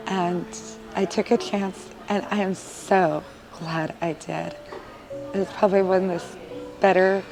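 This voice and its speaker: A woman's voice: on the low side, rough recording. A woman, a mother of three boys, giving an earnest, emotional interview testimonial with frequent filler words.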